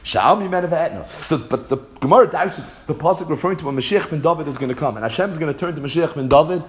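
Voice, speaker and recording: A man's voice: a little high, quick pace. A man teaching a Gemara class, chanting the Aramaic text and then explaining it in Yeshivish English with rhetorical questions. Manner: rhetorical questions, rising to emphatic peaks. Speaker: Talmud teacher.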